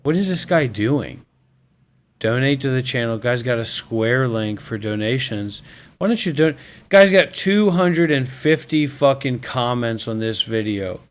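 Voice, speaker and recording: A man's voice: mid-range voice, lively intonation, measured pace. Foul-mouthed man mocking in a rant. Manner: mocking, insulting, swearing. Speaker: streamer reacting to videos. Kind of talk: profane reaction rant.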